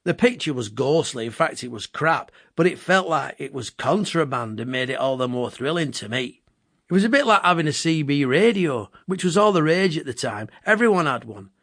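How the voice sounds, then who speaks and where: A man in his fifties with a Bolton accent, reading his own comic memoir with wry, deadpan asides. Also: on the high side, normal speed, no room sound, studio quality. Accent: Bolton, Lancashire. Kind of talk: comic memoir audiobook narration.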